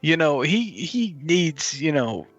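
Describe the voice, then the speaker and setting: A man's voice: fairly high pitch, big pitch swings, slow pace, fairly bright tone, no room sound, dull audio, soft background music. A man co-hosting a comedy podcast, giving blunt, rambling verdicts with many fillers. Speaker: podcast co-host playing a judge. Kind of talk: casual comic chat.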